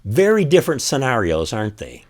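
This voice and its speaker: A man's voice: mid-range voice, huge pitch swings, a little fast, a little mellow. A man speaking earnestly and from the heart as an author and host, reflecting on a film scene. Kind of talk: reflective commentary to camera.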